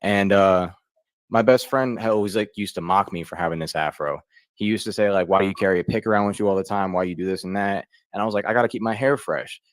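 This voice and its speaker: Low-voiced rambling young comic. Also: male voice, fast talker, no echo. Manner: rambling, crude, loose storytelling. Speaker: comedian contestant. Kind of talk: stand-up comedy set.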